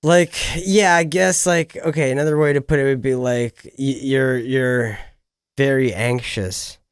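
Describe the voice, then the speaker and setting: Smooth-voiced young man spinning a scene. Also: medium pitch, unhurried, no echo, studio quality. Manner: animated storyteller, narrates role-play scenes. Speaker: podcast co-host. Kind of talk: casual chat.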